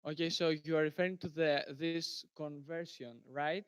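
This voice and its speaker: A man's voice: a little high, fairly even intonation, moderate pace, smooth, no room sound, poor audio. A teenage boy giving earnest, formal answers in a student science debate over a video call. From Greece. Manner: earnest, formal, repeats phrases. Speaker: presenting student in a science tournament.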